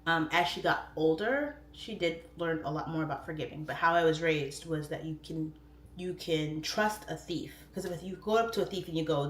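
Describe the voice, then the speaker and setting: Middle-aged woman, low-pitched livestream host, rambling chatty delivery, echoey room, faint hum. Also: moderate pace. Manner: chatty, rambling, warm-hearted talk with frequent "like" fillers; swoops up into high voices when quoting herself. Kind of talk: casual chat. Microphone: phone or webcam.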